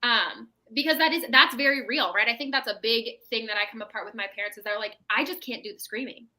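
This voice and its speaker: A woman speaks as a mental health professional on a podcast, talking a parent through calm, practical advice. Her voice is bright and sits a little high. She keeps checking in with "right?" as she explains. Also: fast talker, rough recording. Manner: explanatory, tags statements with "right?". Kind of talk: casual advice chat.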